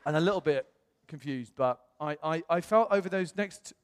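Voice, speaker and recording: A man from the United Kingdom preaching in a church, telling his story in a chatty, animated way with self-quotes. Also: on the high side, normal speed, clean tone. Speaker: pastor. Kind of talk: storytelling sermon. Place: church hall. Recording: long church-hall reverb.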